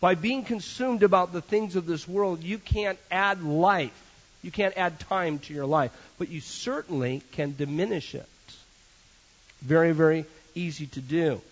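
A man preaching a sermon as pastor, an animated storyteller with joking asides. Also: fairly high pitch, a little slow. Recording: dull lo-fi sermon recording.

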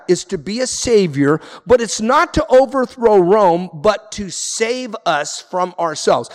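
High-voiced preacher in a reverberant hall. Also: male voice. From Southern California. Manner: emphatic preaching with repeated refrains. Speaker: pastor. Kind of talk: sermon.

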